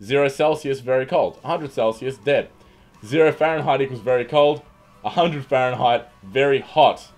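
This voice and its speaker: A man's voice: mid-range voice, moderate pace, a little mellow. A young man hosting a casual livestream and reading out chat, jokey and irreverent, swearing freely and often repeating words as he talks. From Australia.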